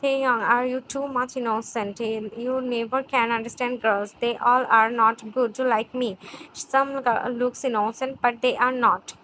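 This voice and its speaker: A woman voicing a smug, scheming young woman in a read-aloud fan story, in plain, halting lines. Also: on the high side, steady tone, fairly bright tone, a little hiss or hum, rough recording.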